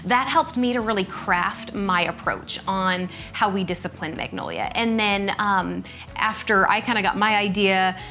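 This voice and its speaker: A woman's voice: mid-range voice, moderate pace, faint music behind. A woman co-hosting a casual chat show, talking animatedly and acting out what people say in a shifting voice. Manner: animated, acts out quoted speech in a shifting voice. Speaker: podcast co-host.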